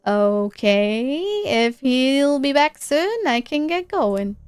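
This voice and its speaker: A woman's voice: high-pitched, lively intonation, slow, clean tone, no room sound. A young woman reading the lines of a determined young woman survivor in a firm, matter-of-fact tone. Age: young adult. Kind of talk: reading game dialogue aloud.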